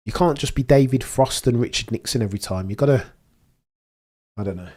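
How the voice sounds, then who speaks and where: A man's voice: medium pitch, fairly quick, dark tone. Opinionated man ranting on stream. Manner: opinionated, rambling, restarts mid-sentence. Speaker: livestream host. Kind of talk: casual live commentary.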